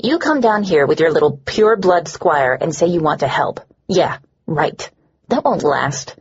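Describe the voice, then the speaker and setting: A woman's voice: deep voice, animated, moderate pace, breathy edge, muffled recording, heavily acted. A woman doing a scornful, bitter young woman. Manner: sneering, scornful.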